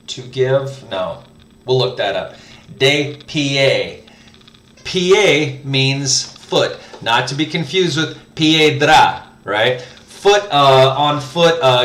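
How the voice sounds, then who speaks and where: Casting: unhurried man, halting study-session talk, distant mic in a roomy space. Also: medium pitch, a bit bright. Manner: hesitant, many fillers and self-corrections. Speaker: language learner host. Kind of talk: casual spoken lesson, thinking aloud.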